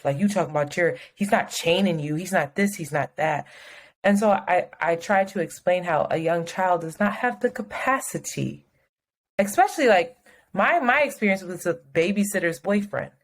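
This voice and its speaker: Frank, profane woman telling a story. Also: medium pitch. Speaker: podcast co-host. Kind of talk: casual chat.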